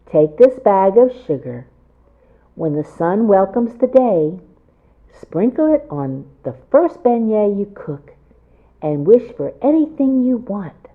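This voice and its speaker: A woman voicing a weary, mysterious male stranger in a slow, solemn, quiet way. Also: mid-range voice, sing-song, full character voice. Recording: tinny phone-like sound.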